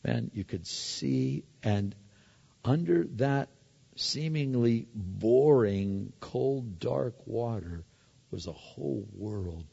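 A middle-aged man preaching a sermon as a pastor, telling stories with sudden loud and quiet turns. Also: mid-range voice, lively intonation, slow, gravelly, husky. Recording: long hall reverb, dull lo-fi sound.

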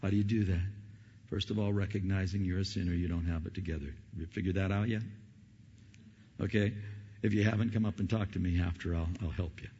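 A male pastor preaching an impassioned Christmas sermon, swinging between loud questions and low, soft appeals. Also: fairly even intonation, a little fast, husky. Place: church sanctuary. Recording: dull, hall reverb.

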